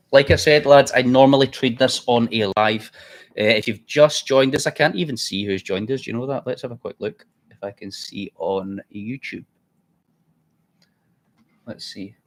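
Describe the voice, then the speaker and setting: Chatty man hosting a trading stream. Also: fairly low pitch. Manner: chatty, blunt, thinks aloud while clicking around. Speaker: trading livestream host. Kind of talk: casual live trading commentary.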